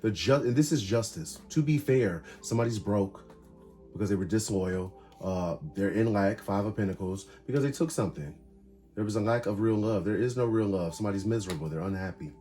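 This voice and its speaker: Low-voiced man reading tarot cards. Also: brisk, soft background music. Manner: talks through cards in short bursts, animated and emphatic. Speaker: tarot reader.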